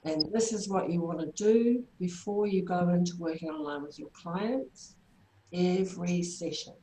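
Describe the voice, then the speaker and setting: A woman with a New Zealand accent, a therapy trainer, calmly guiding listeners through a workshop over a video call. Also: on the low side, a little slow, a little hiss or hum, poor audio. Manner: calm, guiding, soothing. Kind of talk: online workshop presentation.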